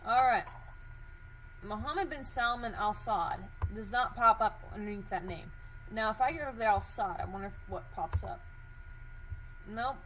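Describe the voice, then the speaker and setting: A woman's voice: a little high, normal speed, long pauses, fairly bright tone, a little hiss or hum, rough recording. A woman podcast host in casual commentary, thinking aloud as she searches documents, curious and suspicious, with many fillers.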